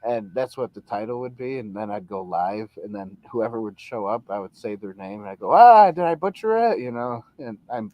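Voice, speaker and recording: A man's voice: lowish voice, fairly even intonation, brisk, hardly any pauses, darkish tone, no room sound. A man hosting a podcast in casual chat, playful and joking. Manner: joking, playful, does silly voices. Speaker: podcast host.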